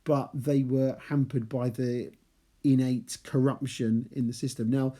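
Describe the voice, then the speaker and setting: A male literature teacher talks in an unhurried, mellow voice of medium pitch with little pitch movement. He reads passages from a chapter and analyzes them in a chatty way, throwing in playful asides.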